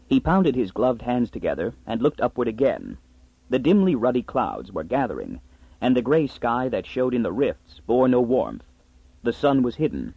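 A man narrating a story in an expressive, scripted reading. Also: mid-range voice, normal speed, vocal fry, husky, dry recording. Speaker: audiobook narrator. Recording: dry, slightly muffled audiobook.

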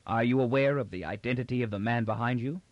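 A man voicing a huge, curt lieutenant who speaks with a dangerous softness, in a dull, dry recording. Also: medium pitch, fast, dry recording, lightly acted. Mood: menacing. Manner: soft, curt, menacing. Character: dark giant male lieutenant, dangerously soft-spoken.

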